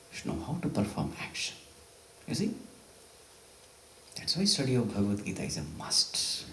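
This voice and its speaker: A man's voice: fairly low pitch, recorded from a distance, slight background noise. Man teaching scripture in a roomy hall. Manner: storytelling, with frequent questions to the audience. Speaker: spiritual teacher. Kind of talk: scripture discourse. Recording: roomy hall, away from the mic.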